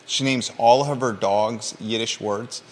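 A man's voice: lowish voice, fairly even intonation, a little slow, in a large hall. A man hosting a local talk show, reading news items and then bantering playfully with his co-host with lots of teasing questions.

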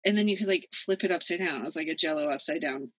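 A woman co-hosting a casual chat, animated and quick to laugh, swearing freely. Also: low-pitched, slightly rough, no echo. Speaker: podcast co-host.

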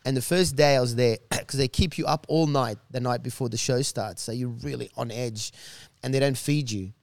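A man telling a long story in casual chat, animated and profane, with many restarts and laughs. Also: medium pitch, normal speed, no room sound. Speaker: guest telling stories.

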